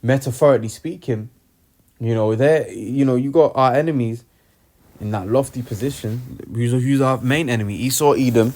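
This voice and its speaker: A man's voice: medium pitch, normal speed, darkish tone. Young guy breaking down scripture, street slang, keeps saying man. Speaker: Bible teacher. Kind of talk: informal scripture teaching.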